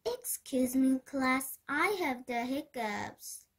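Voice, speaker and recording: A woman reading the part of a young child with the hiccups in a storybook, speaking slowly and politely. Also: sits high, animated, a bit bright, breathy edge, exaggerated voice. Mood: plaintive.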